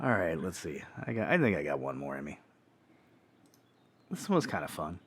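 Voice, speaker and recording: A man's voice: sits low, sing-song, moderate pace, a bit bright, husky. A man co-hosting a casual podcast, chatting and joking as he reads out odd news stories. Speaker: podcast co-host. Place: home podcast setup.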